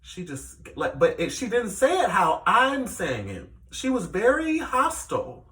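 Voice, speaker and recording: A man giving a casual, animated recap of a reality show, with plenty of fillers as he retells the scenes. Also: high-pitched, unhurried. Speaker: reality TV reviewer. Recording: echoey room, distant mic.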